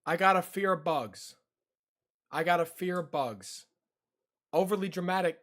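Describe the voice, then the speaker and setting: Casual reaction chatter from a young guy at his computer at home, talks slowly, gets jumpy and shrieky. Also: sits high, lively intonation, a bit bright. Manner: jumpy, easily startled, yelps and shrieks. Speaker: streamer. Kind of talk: live-stream reaction commentary.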